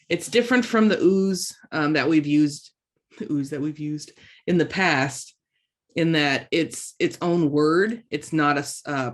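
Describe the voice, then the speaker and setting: A woman teaching an online language lesson, saying each word slowly and twice, and chatting casually between the drills. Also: low-pitched. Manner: slow, careful pronunciation drills with repeated words.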